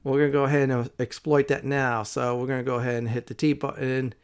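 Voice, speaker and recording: A man with a smooth, resonant voice and a mid-range pitch gives a relaxed, rambling commentary on his gameplay. He fills his sentences with frequent "uh"s as he talks his way through the play. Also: fast talker. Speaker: let's play host.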